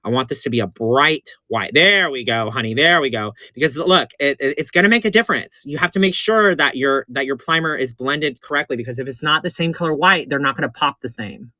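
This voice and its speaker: A man giving a live makeup tutorial in a sassy, excitable way, swooping between chirpy highs and low purring asides and repeating his instructions. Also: fairly quick, few pauses, no room sound. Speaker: drag performer doing a makeup tutorial.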